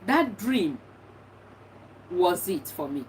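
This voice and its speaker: A woman's voice: on the low side, sing-song, takes it slowly. A middle-aged woman, a bereaved mother, giving earnest and encouraging advice, often repeating herself. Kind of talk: personal testimony talk. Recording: distant mic with faint background noise.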